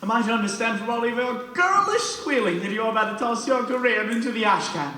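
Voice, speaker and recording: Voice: mid-range voice, animated, fairly quick, sharp tone. A teenage actor on a school stage playing an acid-tongued older male critic in a wheelchair with a sardonic drawl. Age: teens. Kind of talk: stage play acting. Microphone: far audience camera. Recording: distant, echoey school auditorium.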